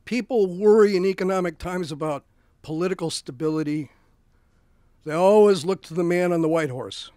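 A man's voice: sits high, moderate pace, warm tone, clear, resonant tone, no echo, clean studio sound. A male author giving a book talk, telling history as anecdotes. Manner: anecdotal storytelling with acted quotes. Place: bookstore event.

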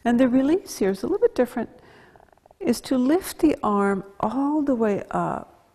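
A woman teaching a gentle yoga class, cueing slowly and calmly, humming softly and dropping to near-whispers on breath cues. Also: a little high, breathy edge, in a large hall. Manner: calm, slow cueing with soft hums and sighs. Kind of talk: guided yoga instruction.

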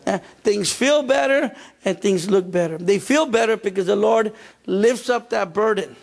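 A pastor preaching a sermon in a repetitive, emphatic way. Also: male voice, sits high, normal speed, creaky.

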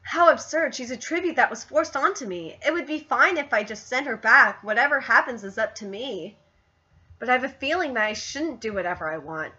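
A woman reading the lines of an aloof, stern male water god in a subdued, slow voice, on dull lo-fi audio. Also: a little high, expressive, bright, forceful tone, slightly rough, heavily acted. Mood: solemn.

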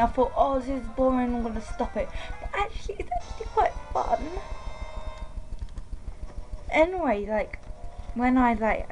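A young woman chatting through a handheld game as a let's-play commentator, rambling and full of "like" and "um", and turning high and whiny when she gets upset. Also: a little mellow, slight background noise, poor audio.

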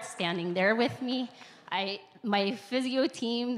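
At the front of a church sanctuary, a woman shares an earnest, emotional personal testimony with the congregation. Her mid-range voice moves at a normal speed, though she rambles at times and speeds up in bursts.

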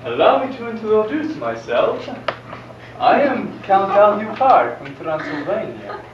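A man's voice: high-pitched, measured pace. Suave vampire count, played by a man on stage. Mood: seductive. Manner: courtly, theatrical, florid flattery. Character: suave vampire count, smooth-talking foreign nobleman. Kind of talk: amateur stage play. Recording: echoey hall, distant mic, dull sound, noise.

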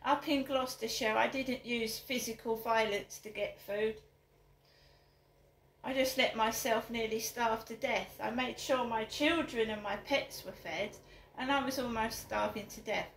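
A middle-aged woman rants to camera in her flat, her voice sitting a little high. She is indignant and emphatic, hammering her points home by repeating them. The room around her rings with a noticeable echo. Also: a little slow. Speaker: vlogger. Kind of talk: angry personal vlog rant.

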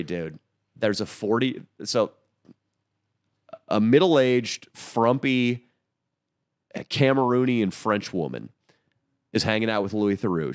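A man co-hosting a podcast, telling crude stories in casual chat and laughing often. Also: fairly low pitch. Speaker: podcast co-host.

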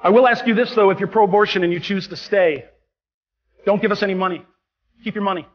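A parish priest delivers an impassioned, indignant homily full of rhetorical questions in a large church, with long reverb and faint music behind him. His voice sits high, fairly even and a little fast, and the audio is dull.

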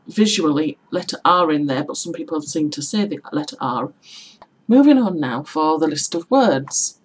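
Low-voiced Teesside woman chatting. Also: a little mellow, slightly rough, low-quality recording. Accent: Teesside (Middlesbrough). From Middlesbrough, England. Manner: chatty, explains with examples and spellings. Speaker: vlogger. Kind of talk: casual tag video chat.

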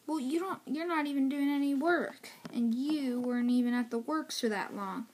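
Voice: high voice, moderate pace, darkish tone, a little hiss or hum, natural voice. A young voice doing a sulky little tank engine. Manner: sulky, dismissive.

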